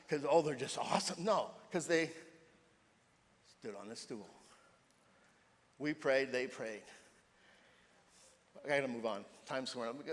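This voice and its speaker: An older man preaching a sermon in a church, telling stories with sudden lifts of the voice for emphasis. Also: a little high. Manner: animated storytelling, voice jumping up for emphasis. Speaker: pastor. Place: church sanctuary. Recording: long hall reverb.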